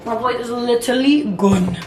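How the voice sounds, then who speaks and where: A young woman with a hoarse voice, chatting casually to her camera at home and calling the viewer "girl" and "y'all". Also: a little high, normal speed, recorded from a distance, background noise. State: hoarse from singing. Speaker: vlogger. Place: home apartment, kitchen and bathroom. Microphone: camera on a tripod. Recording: echoey room with music behind.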